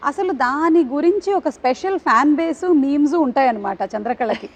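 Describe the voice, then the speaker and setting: Rapid-fire, high-voiced woman anchor. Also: animated, dull audio. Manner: rapid, chirpy, mixes Telugu and English. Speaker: TV anchor, interviewer. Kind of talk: entertainment interview hosting.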